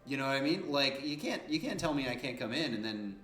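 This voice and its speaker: Fields: animated man streaming a game. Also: mid-range voice, quick pace, reverberant, faint music behind. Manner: animated, joking, slangy and profane. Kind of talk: casual gameplay commentary.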